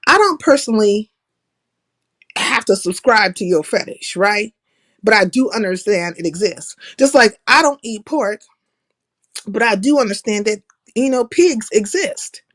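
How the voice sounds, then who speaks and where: A woman hosting a live stream, giving a blunt, profane monologue and laughing at her own jokes. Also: medium pitch. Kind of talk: casual opinionated monologue.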